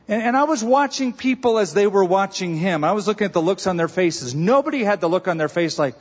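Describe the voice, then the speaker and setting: A man's voice: high voice, lively intonation, fast, few pauses, slightly rough. A man preaching a sermon as pastor, conversational with humor and emphatic stresses. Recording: dull reverberant sanctuary recording.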